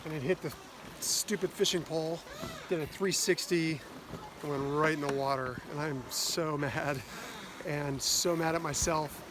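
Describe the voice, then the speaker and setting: Relaxed man on a noisy boat. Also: on the high side, a little slow. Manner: relaxed, explains things plainly. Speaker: sailing vlog host. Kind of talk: casual vlog narration. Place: outdoors on a sailboat at sea.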